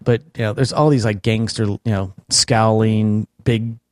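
A man's voice: fairly low pitch, steady tone, a little slow, dry recording, studio quality. A man in his forties, casually telling a rambling story with frequent chuckles as a podcast co-host. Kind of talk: casual chat.

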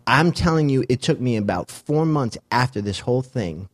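A man's voice: medium pitch, animated, moderate pace, dry recording, clean studio sound. A middle-aged man telling a wild story in casual chat, swearing and acting out the voices of the people in it. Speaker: guest.

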